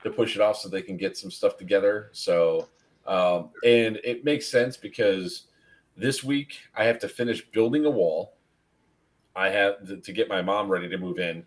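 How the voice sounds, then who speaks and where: On a casual live stream, a podcast host with a lowish voice speaks at normal speed. He tells an anecdote with plenty of laughter, animated delivery, and acted-out voices.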